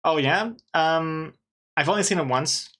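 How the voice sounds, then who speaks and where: Bright-voiced man chatting while drawing. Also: a little high, measured pace. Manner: chatty, laughs often, trails off mid-sentence. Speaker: artist streaming while drawing. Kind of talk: casual rambling chat while working.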